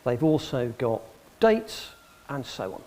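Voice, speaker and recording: A man's voice: mid-range voice, slow. A man giving an anecdotal public talk in a hall, telling stories and acting out the people in them. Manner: lively storyteller, acts out the people in his stories. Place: public hall in front of an audience.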